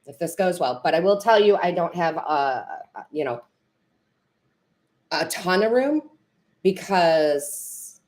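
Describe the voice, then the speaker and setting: Low-voiced woman chatting on a live stream. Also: animated, slow, pauses often, darkish tone. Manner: chatty, rambling, emotional, self-correcting. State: teary. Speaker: tarot reader and medium. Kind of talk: live-stream chat with viewers.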